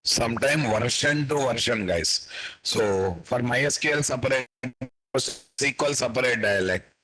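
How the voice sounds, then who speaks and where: A man with an Indian English accent teaching a live coding class, slowly dictating code and repeating questions to his students before answering them himself. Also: mid-range voice, bright, forceful tone, breathy edge, poor audio. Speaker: programming instructor.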